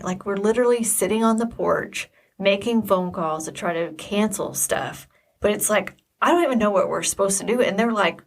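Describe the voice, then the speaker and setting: A woman co-hosting a podcast, retelling a family story in casual chat, quick and lively with quoted dialogue. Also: mid-range voice. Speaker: podcast co-host.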